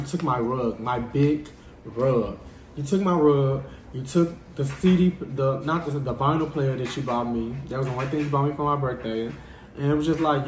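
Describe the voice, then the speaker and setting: A man telling a dramatic personal story to his vlog viewers in a lively, casual way. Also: mid-range voice, roomy sound, slight background noise. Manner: animated, dramatic storytelling addressing viewers as y'all. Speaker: vlogger.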